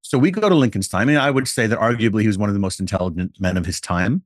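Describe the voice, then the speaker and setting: A man with a fairly low voice speaks in a relaxed podcast conversation. He takes his time and works through each point with a playful what-if scenario. The sound is dry, with no room around it. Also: no room sound. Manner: deliberate, explains with playful hypothetical examples.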